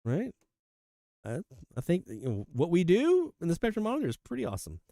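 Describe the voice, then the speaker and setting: A man's voice: a little high, huge pitch swings, fairly quick, creaky, no room sound, clean studio sound. Enthusiastic man hosting a radio hobby show. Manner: enthusiastic, reads out listener shoutouts. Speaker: host of a radio hobby livestream. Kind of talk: casual live-show chat.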